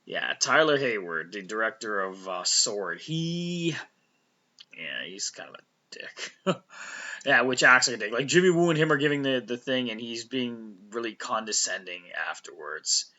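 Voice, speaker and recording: A man's voice: medium pitch, very animated, moderate pace, pushed and bright, lo-fi sound. A man casually recapping a TV episode, rambling with fillers and restarts and loosely acting out the characters' lines. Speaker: recap vlogger.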